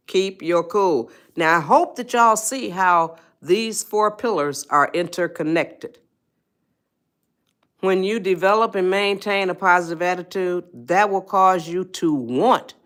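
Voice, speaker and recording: A woman's voice: lowish voice, a bit bright. Woman coaxing her live-stream viewers. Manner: coaxing, repetitive, speaks straight to chat viewers. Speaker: host of a self-help live stream. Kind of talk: live-stream motivational talk.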